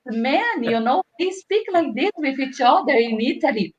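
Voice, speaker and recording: Brazilian woman with a higher, muffled voice. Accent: Brazilian Portuguese. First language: Portuguese. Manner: animated storytelling, quick bursts. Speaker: language teacher guest. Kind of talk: casual interview chat.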